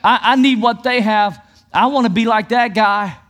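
A man voicing an eager seeker who longs for what believers have. His voice is higher and pleading. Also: moderate pace, fairly bright tone. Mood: yearning.

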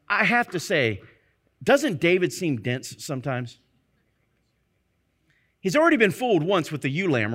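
A preacher teaches from the Bible in a conversational sermon, frequently checking in with listeners through rhetorical questions. His voice is a little high with a fairly bright tone.

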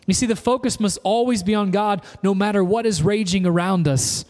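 A man's voice: high-pitched, fairly quick, hardly any pauses, darkish tone. A man preaching as a pastor, earnest and emphatic, repeating phrases as he builds his points. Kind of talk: sermon. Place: church service, filmed. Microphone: camera. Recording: long hall reverb.

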